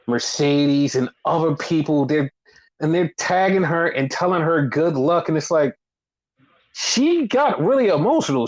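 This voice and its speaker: A man's voice: fairly high pitch, low-quality recording. Swearing, rambling man on a wrestling podcast. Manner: rambling, swears often, animated retellings. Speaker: podcast co-host. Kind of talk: casual wrestling chat.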